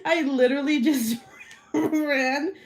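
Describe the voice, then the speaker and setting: A woman's voice: very slow, slight background noise. A woman hosting her own livestream, telling a story casually, swearing freely and acting out everyone's lines with big jumps in her voice. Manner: animated, swears freely, acts out quotes with big pitch jumps; laughs often while telling the story. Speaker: channel host.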